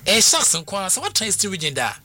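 A man's voice: high-pitched, racing. A middle-aged man with a Ghanaian accent, chatting and telling stories, often asking "what I say?" as he goes. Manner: animated storyteller, often asks "what I say?". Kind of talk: casual talk mixing Twi and English.

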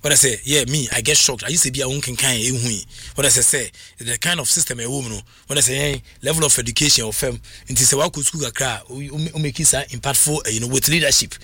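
Bright-voiced sports talk man. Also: mid-range voice, husky. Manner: animated, mixes Twi and English, halting restarts. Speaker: sports radio pundit. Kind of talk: sports talk radio chat.

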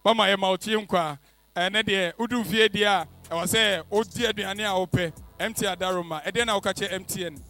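Bright high-voiced MC. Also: male voice, steady tone, fast talker, faint music behind. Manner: upbeat, hyping, switching into English. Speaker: event MC. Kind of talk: energetic promo event hosting.

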